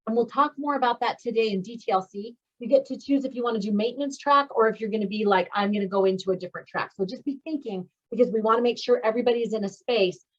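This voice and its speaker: A woman with a fairly high voice leads a graduation call for her speaking students, gushing with encouragement and praise. The audio comes through slightly muffled and lo-fi, like a video call. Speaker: speaking coach and course host.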